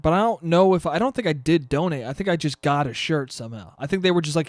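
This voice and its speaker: A man's voice: fairly high pitch, fast, few pauses, no echo, studio quality. A young man hosting a solo podcast, rambling casually and profanely with self-mocking asides. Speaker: podcast host.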